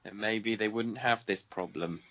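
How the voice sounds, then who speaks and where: A laid-back man speaking very slowly in a relaxed podcast conversation, flat and deadpan in delivery. His voice is mid-pitched and the recording sounds a touch muffled. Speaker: podcast co-host. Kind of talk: casual chat.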